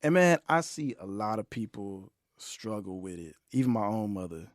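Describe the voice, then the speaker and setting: Man, low-ish voice, podcast host, earnest, laid-back, slangy, dry studio mic. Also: sing-song, normal speed, no room sound. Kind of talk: casual interview chat.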